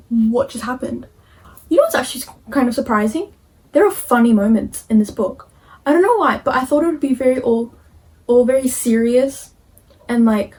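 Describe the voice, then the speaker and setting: High, gushing teen girl reading vlogger. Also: a little mellow, rough recording. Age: teens. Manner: gushing, dramatic and emotional about a book. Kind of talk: casual reading vlog chat.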